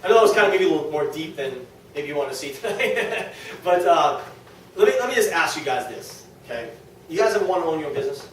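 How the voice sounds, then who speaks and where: A man giving an enthusiastic testimonial talk to a small audience at a business meeting, quoting others in quick lively asides. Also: fairly high pitch. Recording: very echoey room, distant mic, faint noise.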